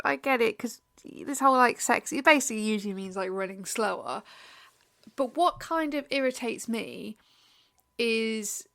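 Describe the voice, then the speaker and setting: Give me a blunt, sweary woman co-hosting a podcast, slightly high voice, very dry recording. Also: creaky, fairly bright tone, no echo. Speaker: podcast co-host. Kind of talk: casual chat.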